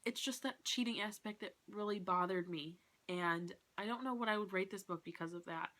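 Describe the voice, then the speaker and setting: Bright-voiced woman reviewing a book. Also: medium pitch, normal speed. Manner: animated retelling, acts out quotes, many "like"s. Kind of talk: casual vlog book review.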